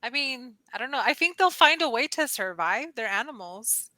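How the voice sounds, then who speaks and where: A woman's voice: moderate pace, low-quality recording. A woman tutoring English over a video call, telling stories in casual chat, leaning on "like" and acting out quotes in squeals. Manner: animated storyteller, acts out quotes in high squeals; heavy use of "like" as filler. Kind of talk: casual conversation lesson.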